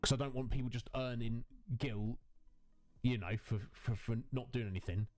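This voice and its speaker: A man's voice: mid-range voice, normal speed, a little mellow, soft background music. A man hosting a casual live stream on a headset mic, answering his viewers' chat in a chatty, rambling way. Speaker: Twitch streamer and host.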